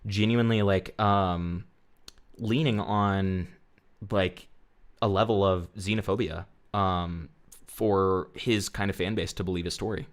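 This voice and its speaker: A man's voice: deep voice, steady tone, a little slow. A man hosting a reaction stream, commenting sarcastically and with disbelief, swearing often. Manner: sarcastic, incredulous, profane.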